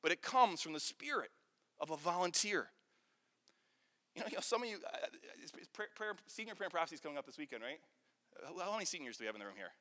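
A man's voice: fairly high pitch, animated, quick pace, sharp tone. A man preaching a sermon in an earnest, storytelling way, repeating words when he gets going. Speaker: pastor. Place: large hall with an audience. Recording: long hall reverb.

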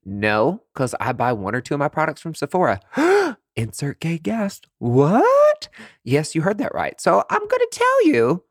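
A man's voice: a little high, huge pitch swings, brisk, few pauses, no echo, clean studio sound. A young man hosting a podcast, talking in a sassy, campy way with big swooping emphasis. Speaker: podcast host and aesthetic provider. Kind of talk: casual monologue.

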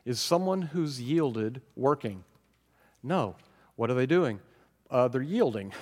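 Slow-spoken pastor in an echoing hall. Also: male voice, mid-range voice. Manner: animated, self-mocking, laughs often. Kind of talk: sermon.

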